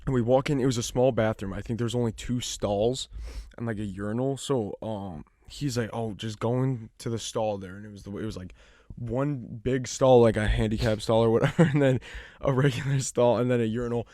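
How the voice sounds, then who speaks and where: Young adult male podcast co-host, casual storyteller, mid-pitched, loose, filler-heavy, swears freely, dry close sound. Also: brisk, warm tone, no echo.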